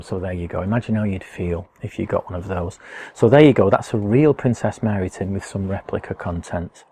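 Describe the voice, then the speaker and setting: Friendly male educator talking to children; mellow, slightly husky, low-ish voice. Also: a little fast. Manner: friendly, chatty, many fillers. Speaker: educator presenting a school topic box. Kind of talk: explaining to schoolchildren.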